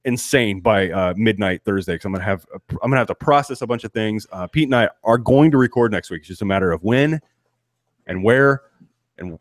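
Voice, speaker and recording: A man's voice: on the low side, a little fast, dry recording. Middle-aged guy ranting on a sports podcast, dry close mic, keeps restarting, fed up. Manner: ranting, exasperated, with many restarts. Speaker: podcast co-host. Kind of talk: casual sports chat.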